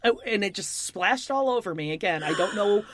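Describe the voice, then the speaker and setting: A woman co-hosting a podcast in casual chat, animated and often acting out quoted voices. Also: medium pitch, a little fast, a crowd in the background. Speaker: podcast co-host.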